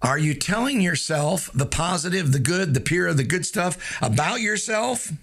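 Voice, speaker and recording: A man's voice: high voice, animated, moderate pace, creaky, fairly bright tone. A man hosting a casual motivational talk, folksy and joking, with lots of fillers. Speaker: host of a motivational show. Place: streaming live.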